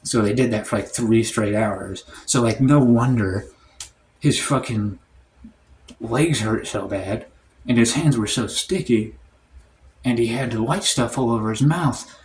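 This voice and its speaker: A man telling a comic story in a rambling, deadpan way, full of "like" and "um". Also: mid-range voice, a little slow, a little hiss or hum. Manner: rambling, heavy on "like" and "um". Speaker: storytime comedian. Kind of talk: comedic storytime monologue.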